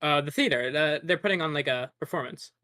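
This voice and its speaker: A man's voice: a little high, brisk, bright, forceful tone, no room sound. A man playing a tabletop game, hesitant and giggly, with lots of fillers. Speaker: player. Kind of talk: tabletop role-play.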